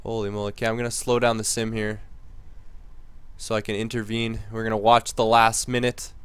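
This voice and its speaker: A man giving casual commentary over a hockey video game he is playing, muttering low between plays and getting louder when he cheers. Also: little pitch movement, brisk, smooth, no echo. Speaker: gaming commentator.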